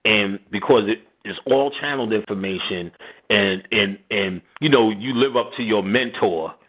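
A radio show host in middle age tells casual, profane stories, often laughing and performing quoted lines in voices. His lowish, husky voice moves at normal speed, and it comes through with a phone-line sound.

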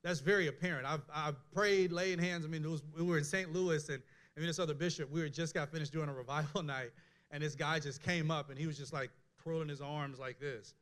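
A man with a fairly high voice preaches in a loose, conversational way. He is candid and animated, and often restarts his sentences as he talks. He sounds middle-aged. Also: brisk. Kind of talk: conversational sermon.

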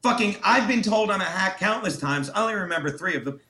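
A man's voice: high-pitched, fast talker. A man telling a story as a comedian guest on a podcast. He swears a lot and acts out other people in quotes. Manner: profane, animated, mimics others in quotes. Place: podcast studio. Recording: roomy echo.

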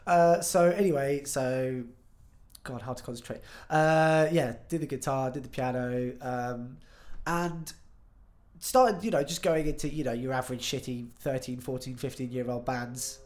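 A man's voice: mid-range voice, a little mellow. A man, a guest musician on a podcast, chatting casually and telling stories full of asides and self-corrections. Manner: rambling storyteller, quick asides and self-corrections.

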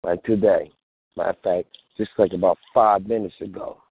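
A man's voice: deep voice, steady tone, normal speed, breathy edge, no echo. A man hosting a call-in show, preaching in casual street talk and acting out phone calls. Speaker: host. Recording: tinny phone-line sound.

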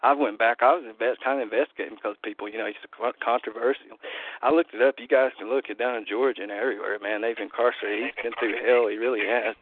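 A man's voice: medium pitch, steady tone, fast, a little hiss or hum. A man phoning into a community call, talking loosely and agreeably in slangy casual speech. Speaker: caller running his own call. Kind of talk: casual phone chat. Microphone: phone. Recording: thin phone line.

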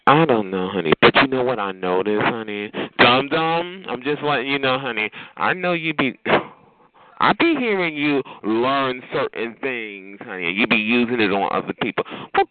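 A man's voice: medium pitch, lively intonation, a little slow, no room sound. A man calling into a chat line, teasing someone in sassy casual talk, full of "honey" and "child". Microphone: phone. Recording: tinny phone line.

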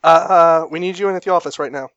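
A man narrating as game master of a tabletop game, relaxed, laughing between prompts. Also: fairly high pitch, fast, clean tone, no echo. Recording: dull dry lo-fi sound.

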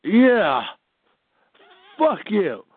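A man chatting casually as a guest co-host, agreeable and slow-spoken. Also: high-pitched, wildly swooping pitch, slightly rough. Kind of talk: casual chat. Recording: tinny phone line.

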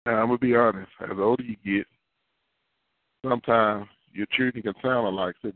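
A man's voice: medium pitch, brisk, no echo. A man preaching a sermon in a conversational, repetitive style with folksy asides. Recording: dry, phone-like narrow sound.

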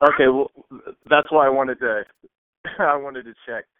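A man's voice: medium pitch, measured pace, narrow, tinny audio, noisy background. Practical man explaining on a call. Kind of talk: casual chat.

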